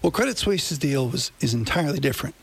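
A man with a gravelly, husky voice hosts a radio money show. He explains things in an easy, conversational way and often checks that listeners follow him. He speaks into a studio microphone. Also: fairly high pitch, lively intonation, quick pace, a bit bright. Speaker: radio finance show host. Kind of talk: casual radio talk.

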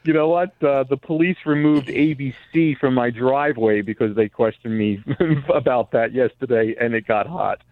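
A male caller on a tinny phone line, rambling through a long story with lots of restarts, at a middle pitch and with a dry sound. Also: moderate pace, dry recording. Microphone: telephone.

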